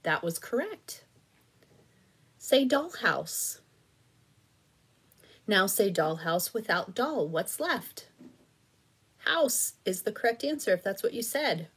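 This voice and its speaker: A woman teaching reading to children, patient and encouraging, slowly and clearly spelling out syllables. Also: medium pitch, sing-song, fairly bright tone. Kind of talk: slow, clearly enunciated instruction for children.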